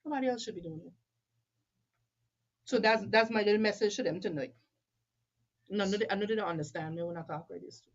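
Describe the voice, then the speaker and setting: A woman's voice: medium pitch, brisk, long pauses, muffled recording. A woman in casual conversation, emphatic and opinionated, switching between English and French mid-sentence. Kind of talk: casual chat.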